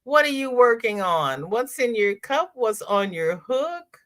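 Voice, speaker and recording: A woman with a Southern American accent hosts a casual crochet livestream, reading comments, greeting viewers by name and repeating herself. Her voice is on the high side and fairly bright, very animated yet unhurried.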